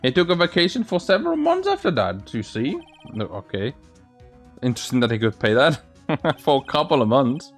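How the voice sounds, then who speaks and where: A man's voice: medium pitch, very animated, normal speed. A man voicing an old man who talks in an old-fashioned way, calling people my dear and me boy, over faint game music. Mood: earnest.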